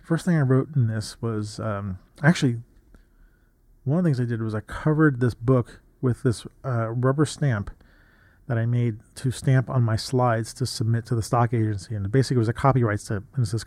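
Rambling middle-aged man, mellow and dry. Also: medium pitch, brisk, no echo. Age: 50s. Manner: rambling, with frequent restarts and asides. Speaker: photographer. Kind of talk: reflective casual monologue reading his old journal.

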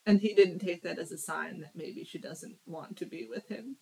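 A woman talking casually about a movie with lively, joking energy. She laughs often and builds up her points with enthusiasm. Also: on the low side, moderate pace, creaky, hardly any pauses, poor audio.

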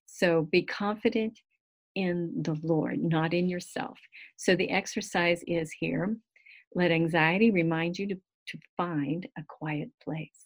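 A middle-aged woman giving an earnest devotional teaching, slowing to soft, quiet phrases at times. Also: lowish voice, steady tone. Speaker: Christian teacher.

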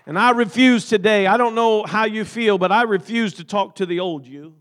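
A male pastor with a strikingly high-pitched voice delivers a fervent sermon. He peppers his preaching with amens, surging to shouts and dropping to hushed, pleading tones. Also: normal speed.

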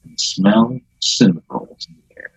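A man's voice: fairly quick, no room sound, dull audio. A man hosting a casual chat, spinning an improvised story full of quoted voices and laughter. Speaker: host.

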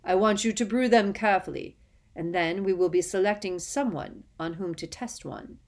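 A sneering schoolmaster clips off his words coldly and curtly. A woman reading a story puts him on. He gives orders with no warmth at all. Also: mid-range voice, normal speed, natural voice. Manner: curt, cold. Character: cold, sneering male potions teacher. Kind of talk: audiobook character voice.

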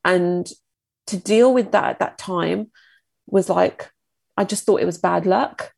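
Gravelly-voiced woman sharing her story. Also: fairly low pitch, darkish tone, no room sound. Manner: emotional, halting, reflective. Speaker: guest. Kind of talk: candid personal storytelling.

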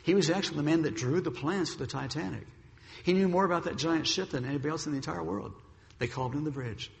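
Man, preacher, sermon storytelling, gravelly, quick, echoey hall recording. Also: on the high side. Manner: dramatic storyteller, acting out the characters' lines. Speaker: pastor.

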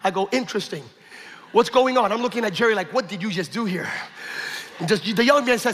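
A man preaching a sermon, telling a story with acted-out quotes and building to shouts. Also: high voice, fast talker. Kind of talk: sermon testimony. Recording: echoey hall with long reverb.

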